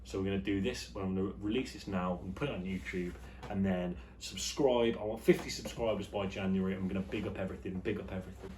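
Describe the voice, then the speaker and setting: A man hosting his own vlog show, chatting casually and jokily about the news, his voice jumping between loud and quiet. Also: sits low, steady tone, fast, slight background noise. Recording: echoey room with faint ambience.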